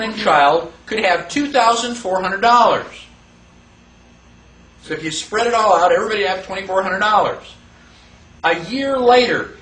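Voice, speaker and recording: A man teaching a class in a lively lecture, asking the room questions and acting out the people he quotes. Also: sits high. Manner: animated, rhetorical questions, acts out quoted voices. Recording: echoey room, voice from far off.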